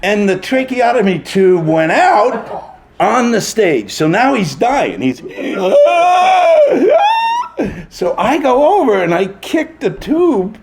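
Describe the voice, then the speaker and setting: A lively older man, holding court with backstage stories. His voice sits a touch high and swoops widely as he mimics the people in his anecdotes. He breaks into laughter often. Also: unhurried, vocal fry, a loud crowd. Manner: animated raconteur, acts out voices, laughs often. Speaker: interview guest, veteran stage actor. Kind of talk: anecdotal storytelling.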